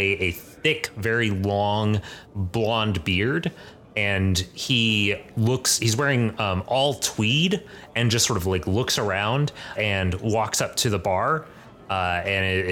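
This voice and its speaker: A man runs a tabletop game, describing scenes in a loose, rambling way full of fillers. His voice sits low but sounds bright. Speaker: game master.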